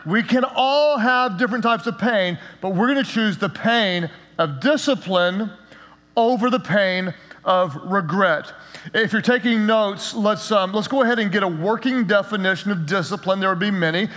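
A male pastor preaching a sermon in an energetic, emphatic way, with a light joking touch, in a church sanctuary. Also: high voice, normal speed. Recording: long reverb of a large hall.

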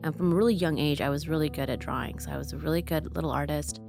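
Low-voiced woman telling her story. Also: fast talker, gravelly. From Mexico. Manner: candid, conversational, many fillers and acted-out quotes. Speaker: interviewee. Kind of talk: personal storytelling interview. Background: music.

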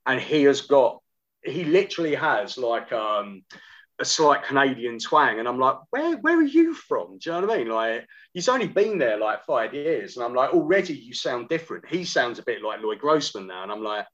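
A man's voice: mid-range voice, animated, normal speed, fairly bright tone, lo-fi sound. A man as a podcast guest, telling casual anecdotes with quoted asides. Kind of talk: casual chat.

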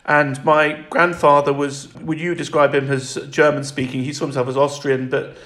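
A man with a slightly high, somewhat bright voice talks reflectively as an interview guest, in a flat delivery. He halts and restarts often, and the sound is roomy.

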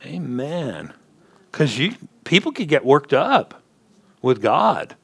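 Male pastor, mid-pitched, folksy sermon storyteller with emphatic swells. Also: big pitch swings, slow, creaky, breathy edge. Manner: folksy storytelling preacher, rising emphatic punches.

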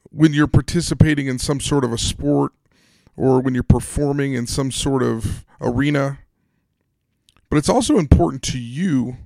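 A man's voice: mid-range voice, creaky, darkish tone, dry recording, clean studio sound. A man hosting a solo motivational podcast, upbeat and speaking straight to his listeners with questions and instructions. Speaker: podcast host.

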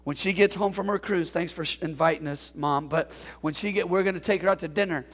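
A male pastor preaches in an animated call-and-response style and jokes with his congregation. His voice sits high for a man and has a gravelly edge with some huskiness. The sound carries a long reverb from the church hall. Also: brisk. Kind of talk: sermon. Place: church sanctuary.

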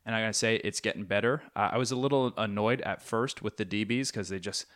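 Young man, podcast co-host, low-ish voice, rambling, casual chat. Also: quick pace. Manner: rambling, animated storytelling with fillers.

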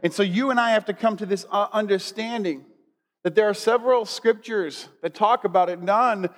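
Pastor, male, chatty preacher, slightly high voice, echoing sanctuary. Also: moderate pace. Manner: conversational, preacherly, leads congregation in declarations. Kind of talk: sermon. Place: church sanctuary. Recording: long hall reverb.

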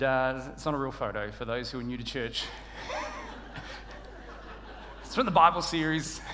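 An Australian man delivers a sermon with a high, bright voice, joking at his own expense as he tells the story. His voice carries a long reverb from the church hall around him. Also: slight background noise. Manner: humorous, self-deprecating, animated storytelling. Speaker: preacher.

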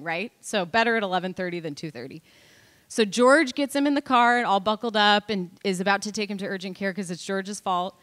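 A woman's voice: mid-range voice, a little fast, a bit bright. A woman in her thirties, casually telling a family story with many fillers. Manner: chatty, lots of fillers like "like" and "you know". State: pregnant. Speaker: mother sharing a family story.

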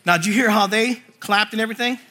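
A man preaching a sermon, reading scripture slowly and telling animated stories with jokes. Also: high voice, very noisy. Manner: animated storytelling, jokes and voices; reads scripture slowly and forcefully. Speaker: pastor.

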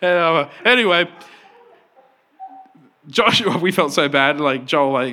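A male pastor in his thirties preaching a sermon, telling a story in an animated way and laughing often. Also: a little high, normal speed.

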